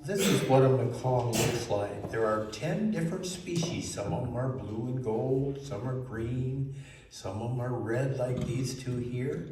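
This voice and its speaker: A man telling a children's story in a lively way, asking the listeners questions. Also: mid-range voice, a little slow. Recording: very echoey room, mic far off, faint noise.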